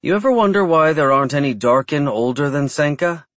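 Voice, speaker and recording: Man doing a little vampire lady, higher voice, snappy and sarcastic. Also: expressive, fairly bright tone, dry recording. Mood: worried. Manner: brisk, sarcastic. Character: tiny sharp-tongued female vampire, dutiful.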